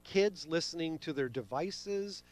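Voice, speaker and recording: A man with a somewhat high, very lively voice explains hearing on a radio talk show. His delivery is animated, and he often acts out sounds with his own voice to make a point. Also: a little slow. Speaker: hearing expert guest.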